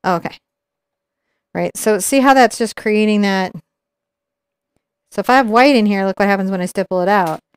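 A woman's voice: medium pitch, moderate pace, pauses often, clear, resonant tone, no room sound. Chatty woman teaching painting. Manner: chatty, explains while painting. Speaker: painting instructor. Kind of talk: live painting tutorial.

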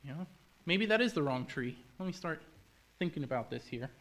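A man's voice: a little high, lively intonation, fairly quick, a bit bright, rough recording. A man voicing the first woman as eager and easily persuaded, wavering then keen. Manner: breathless, wavering then convinced.

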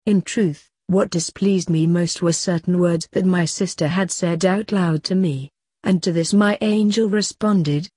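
A woman reading a diary aloud as an audiobook, in an earnest, measured way. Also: on the low side, steady tone, dark tone, husky, no echo, studio quality. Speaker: audiobook narrator. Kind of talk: scripted narration of a diary.

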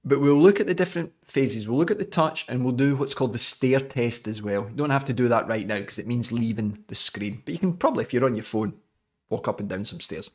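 A man's voice: medium pitch, a little fast, a little mellow. A Scottish man in his forties, a cycling coach giving a jokey, chatty live podcast talk to his viewers.

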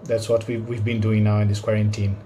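A man's voice: fairly low pitch, little pitch movement, brisk, warm tone, a little hiss or hum. A man giving a short, friendly English lesson, explaining a phrase and asking the viewer questions. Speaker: English teacher.

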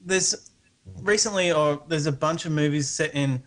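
A man's voice: fairly high pitch, moderate pace, a bit bright. A man from Australia with an Australian accent, calling in to a casual chat and asking questions with many hesitant restarts. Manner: hesitant, restarts often, curious. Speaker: guest calling in.

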